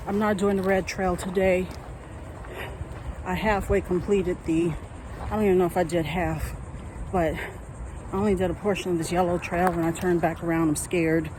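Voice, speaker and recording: A woman's voice: on the low side, little pitch movement, moderate pace, pauses often, background noise. A nervous woman filming herself on a wooded hiking trail on her phone, talking to herself and laughing anxiously. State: anxious, near panic. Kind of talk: self-filmed hiking vlog. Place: outdoors on a wooded nature trail. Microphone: phone held while walking.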